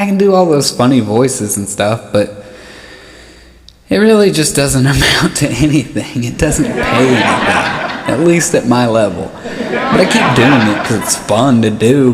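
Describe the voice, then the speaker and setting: A man's voice: medium pitch, expressive, a little slow. A man doing a rambling, self-mocking stand-up comedy set, often laughing at his own jokes. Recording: live hall echo with loud noise.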